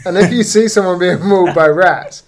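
A man's voice: sits high, fairly quick. A man in casual, laughing chat, recounting film scenes and swearing freely.

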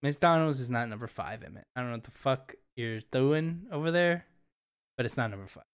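A man co-hosting a casual podcast chat, animated and joking, who swears freely and sometimes shouts for laughs. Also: medium pitch, a little fast, clear, resonant tone. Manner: animated, swears freely, bursts into loud jokes. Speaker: podcast co-host.

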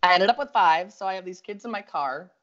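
A woman with a Minnesota accent telling a story in a casual chat, animated and quick to laugh. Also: fairly low pitch. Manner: animated, laughs often, talks in bursts. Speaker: guest storyteller. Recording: slightly dull lo-fi audio.

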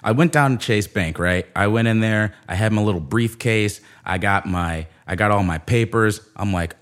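A man's voice: on the low side, normal speed, hardly any pauses, fairly bright tone. A man telling a sarcastic, profane story in a casual rant, full of asides. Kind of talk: casual ranting monologue.

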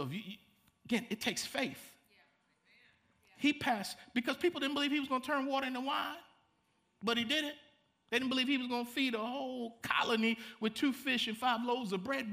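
A man's voice: high-pitched, bright, forceful tone. A middle-aged man preaching a sermon. He reads scripture aloud and comments on it with dramatic emphasis. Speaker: pastor.

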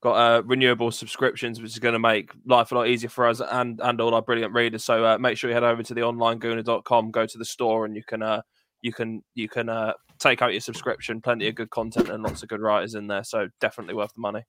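A man's voice: medium pitch, completely flat delivery, fast talker, fairly bright tone, dry recording, clean studio sound. A man guesting on a podcast, plugging a fanzine with some hesitant fillers. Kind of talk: casual promo chat.

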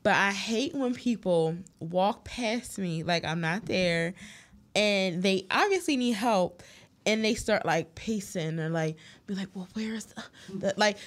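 A woman's voice: mid-range voice, expressive, measured pace. A woman in casual chat who works retail, rambling with lots of "like" fillers and frequent swearing. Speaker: retail store worker.

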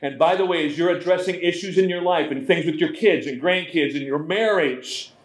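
A man preaching a sermon as pastor, in a conversational, animated way, often slipping into voices. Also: fairly high pitch, normal speed, few pauses. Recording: roomy echo.

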